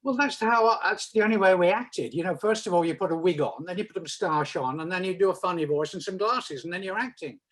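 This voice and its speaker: High-voiced older man, wry. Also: a bit bright, poor audio. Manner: wry, chatty, halting. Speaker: interviewer. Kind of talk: casual conversation.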